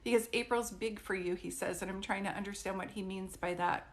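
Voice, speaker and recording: A woman's voice: mid-range voice, fairly even intonation, a little fast. A woman psychic medium doing a casual live-stream reading, speaking in a reassuring way and often checking whether things make sense. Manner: warm, reassuring, frequently checks in with "do you know what I mean?".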